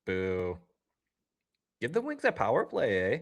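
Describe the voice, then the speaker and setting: A man's voice: lowish voice, wildly swooping pitch, unhurried. Chatty man hosting a live game stream. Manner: chatty and upbeat, reacts loudly to plays; talks straight to chat viewers. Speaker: livestream host. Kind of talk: casual live game watch-along commentary.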